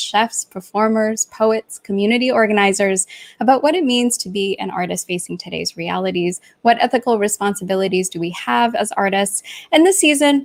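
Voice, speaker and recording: A woman, co-hosting a live-streamed talk show and reading a measured, scripted introduction. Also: medium pitch. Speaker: co-host.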